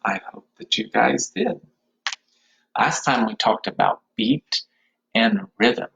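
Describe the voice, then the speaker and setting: A man leads a music class for young kids over a webcam, upbeat and encouraging. His voice leaps around in pitch as he demonstrates high and low voices. He talks at an easy, unhurried pace. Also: sing-song, creaky, bright, forceful tone, lo-fi sound. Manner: cheerful, encouraging, speaks to small kids. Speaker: music teacher.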